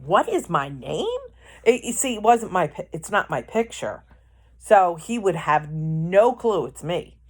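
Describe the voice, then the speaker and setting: A woman's voice: lowish voice, animated, unhurried. A woman telling a rambling personal anecdote in a casual vlog, correcting herself as she goes. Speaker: vlogger. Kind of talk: casual storytelling.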